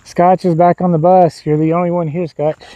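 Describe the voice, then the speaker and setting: Walking outside in a rural area, a high-voiced man rambles to his livestream audience in a relaxed, chatty manner. He talks at a moderate pace, and the recording is rough but free of echo.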